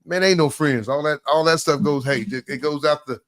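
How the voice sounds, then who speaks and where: A man hosting a sports talk show, ranting loudly and preachily with slangy asides. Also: fairly high pitch, a little fast, no echo, studio quality.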